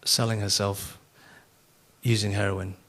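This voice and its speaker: Animated Yorkshire man preaching with humor. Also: lowish voice, measured pace. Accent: Yorkshire English. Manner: animated, self-mocking storyteller. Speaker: conference speaker. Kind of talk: sermon with humorous stories.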